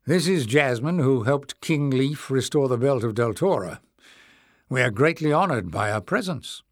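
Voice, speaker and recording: A man doing a calm, earnest stranger. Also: mid-range voice, moderate pace, dry recording, studio quality, close to an everyday voice. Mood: courteous. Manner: patient, earnest. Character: calm, persuasive male stranger.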